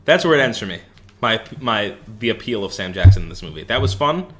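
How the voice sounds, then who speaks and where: A man's voice: on the low side, brisk, noisy background. A man co-hosting a podcast, retelling movie scenes in casual chat, often stopping to restart. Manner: animated storytelling, hesitant. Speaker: podcast co-host.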